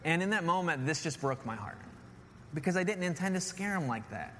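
A man's voice: on the high side, animated, brisk, fairly bright tone. Preacher, male, thirties: earnest, drives points home with repetition, hall reverb, light hiss. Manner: earnest, repeats key phrases with "right?". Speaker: pastor. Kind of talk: sermon. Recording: long hall reverb, faint noise.

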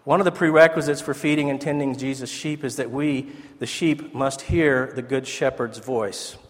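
In a mid-range voice with fairly even intonation and a moderate pace, the pastor speaks earnestly and conversationally at an ordination, adding asides and restarting sentences. The sanctuary carries a long reverb.

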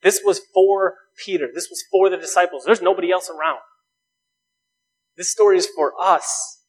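A man's voice: sits high, fairly even intonation, moderate pace, low-quality recording. A man preaching a sermon, earnest, building emphasis through rhetorical questions. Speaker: pastor.

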